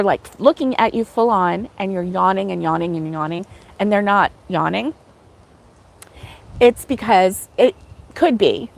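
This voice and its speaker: A middle-aged American woman with a bright, chatty and giggly manner, hosting a casual livestream and talking back to viewer comments. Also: mid-range voice, vocal fry. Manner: chatty and giggly, laughs often. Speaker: host of a crochet livestream.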